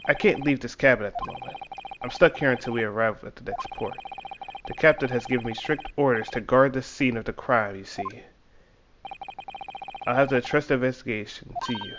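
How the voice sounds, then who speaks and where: A man's voice: mid-range voice, fairly quick, noisy background, lightly acted. A man reading the lines of a dutiful male inspector guarding a ship cabin, in his plain voice. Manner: reads game text aloud in a plain voice. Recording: game music playing behind.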